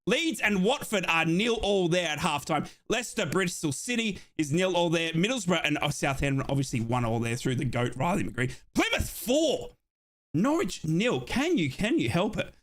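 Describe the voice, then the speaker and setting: A man from Australia hosting a live football watchalong, calling scores and reading out chat with excited outbursts. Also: on the high side, moderate pace, few pauses. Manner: excitable, exclaims and reads chat. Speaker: watchalong streamer.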